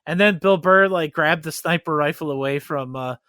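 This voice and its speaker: Man, podcast co-host; bright, fairly high voice, dry close sound, rambling plot recap. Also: normal speed, dry recording. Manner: recaps plot in long run-on stretches. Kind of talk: casual chat.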